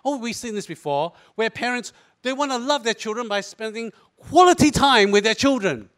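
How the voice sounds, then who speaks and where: Bright high-voiced Singaporean man telling a comic story. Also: moderate pace. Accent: Singaporean English. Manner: animated, switches into character voices. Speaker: comedic storyteller.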